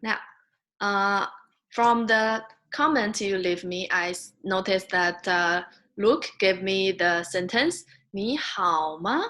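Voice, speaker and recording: A woman teaching a beginner Mandarin lesson, patiently modeling sounds and words for learners to repeat. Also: steady tone. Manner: slow, patient, models sounds loudly and high.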